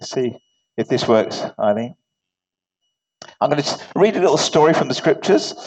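A man preaching informally, telling a joke and then reading scripture in a chatty, self-correcting way. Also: medium pitch. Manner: animated, chatty storyteller who stumbles and corrects himself. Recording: dull lo-fi recording.

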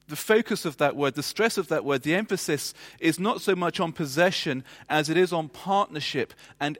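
A man delivering a sermon in a measured, emphatic way, often pausing with fillers. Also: a little high, fairly bright tone. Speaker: preacher. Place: church. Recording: church hall reverb.

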